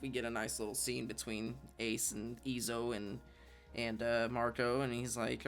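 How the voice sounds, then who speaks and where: A man's voice: mid-range voice, little pitch movement, moderate pace, a bit bright, soft background music. A man co-hosting a podcast in a laid-back, casual way. He laughs often while recapping a comic. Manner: laid-back, laughs often, narrates and reads lines aloud. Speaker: podcast co-host.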